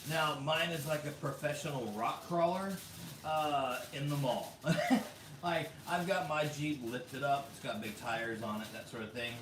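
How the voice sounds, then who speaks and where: A man's voice: on the high side, a little slow, recorded from a distance. Casual vlog host, American male, talkative with frequent laughs, faint room hum behind. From United States. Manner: chatty, laughs often, fillers like "like" and "bro". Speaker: vlog host reading viewer comments. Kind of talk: casual livestream chat. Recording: roomy echo, a bit off mic, faint background hum.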